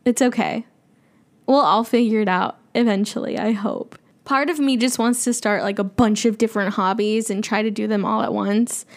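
A woman hosting a podcast, talking candidly and rambling, swearing freely in casual chat. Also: medium pitch. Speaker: podcast host.

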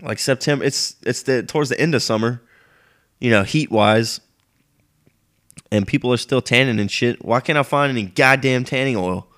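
A man's voice: medium pitch, normal speed, fairly bright tone. A young man who is sick and sniffling, hosting a casual solo rant in a profane, griping, rambling way. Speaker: podcast host.

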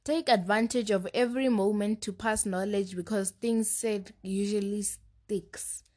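A woman's voice: medium pitch, steady tone, measured pace, a little mellow. Young woman, easy-laughing co-host. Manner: reads list points aloud, laughs easily. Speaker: podcast co-host. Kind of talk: casual chat.

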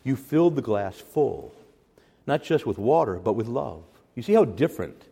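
A man preaching a teaching sermon as a priest, animated, acting out quotes with sudden loud, high bursts. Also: normal speed, gravelly, husky, long reverb tail.

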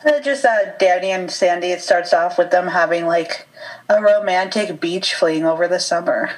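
A woman co-hosting a movie podcast in casual conversation, quick to agree and chime in briefly. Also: lowish voice, rough recording. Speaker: podcast co-host. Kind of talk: casual chat reviewing a movie.

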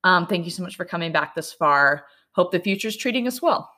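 A young woman co-hosting a podcast in earnest casual chat with frequent ums, sitting on the floor at home with rough home-made audio. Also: fairly low pitch, animated, brisk, sharp tone. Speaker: podcast co-host.

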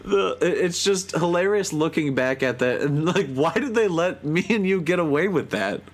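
A man's voice: fairly high pitch, animated, moderate pace. A man hosting a podcast, chatting casually with a guest, laughing and using lots of fillers. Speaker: podcast host.

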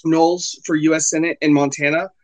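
High voiced guy hosting an online call, stammers and repeats himself, voice kinda worn out. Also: level tone, rough recording. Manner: halting, repeats words, offers help eagerly. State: voice worn after illness. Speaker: host. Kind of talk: casual chat on a group audio call. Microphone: computer mic on an online call.

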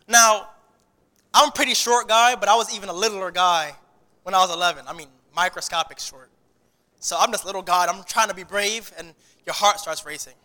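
A male pastor delivers an animated sermon in a high, bright voice, often stumbling and restarting mid-phrase. His words ring out with the long reverb of a church hall. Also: brisk. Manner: animated preaching with many restarts.

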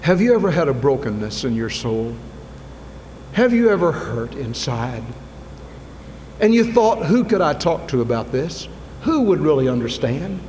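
A man preaching a sermon in a church, moving from soft, intimate asides to loud, fervent appeals. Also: a little high, sing-song, normal speed. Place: church sanctuary. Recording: long reverb, faint ambient noise.

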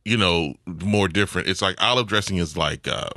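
A man's voice: sits low, normal speed, sharp tone, dry recording. A man co-hosting a casual chat, talking animatedly and laughing while he eats. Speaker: podcast co-host.

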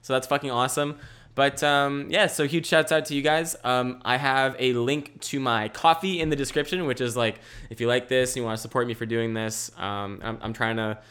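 A man's voice: medium pitch, steady tone, moderate pace, a bit bright, clean tone. A young man hosting a casual solo podcast from home, rambling with restarts and swearing. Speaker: podcast host. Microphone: camera mic.

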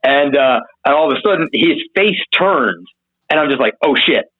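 A man telling a wild story as an interview guest, casual and profane, acting out what people said in a higher voice. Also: normal speed, husky, phone-quality sound. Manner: animated, profane, acts out quotes in a higher voice.

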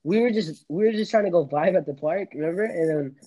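A man's voice: sits high, fast, mellow, poor audio. A young man hosting a casual podcast chat, rambling and laughing with many restarts. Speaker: podcast host.

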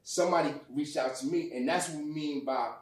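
A man telling a personal story in casual conversation, animated and profane, acting out what people said. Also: on the high side, a little fast, echoey room, distant mic. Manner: animated, profane, acts out quotes loudly. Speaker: guest.

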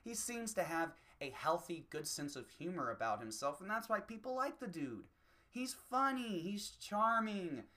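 A comedian delivering a profane, rambling, self-mocking solo rant that swings between low mutters and loud bursts. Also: very animated, moderate pace.

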